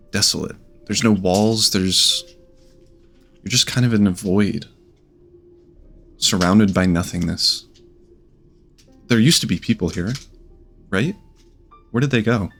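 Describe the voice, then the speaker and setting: A man's voice: fairly low pitch, creaky. A man running a tabletop game as game master, narrating in a hesitant, trailing way with many fillers.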